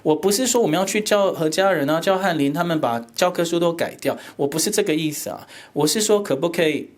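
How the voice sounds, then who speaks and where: A man from Taiwan giving a teacher workshop lecture, switching between Mandarin and English in an animated, joking way. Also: on the high side, fast talker.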